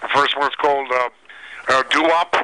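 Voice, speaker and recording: An older man with a bright, forceful radio DJ delivery. He comes through a dry phone line and sounds upbeat and showy throughout. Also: mid-range voice, steady tone, normal speed, no room sound. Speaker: radio broadcaster guest. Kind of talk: phoned-in message.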